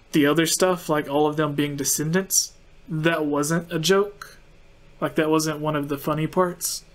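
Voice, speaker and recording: A man hosting a casual chat, explaining at length with lots of fillers. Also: on the high side. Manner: rambling, filler-heavy explaining. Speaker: podcast host.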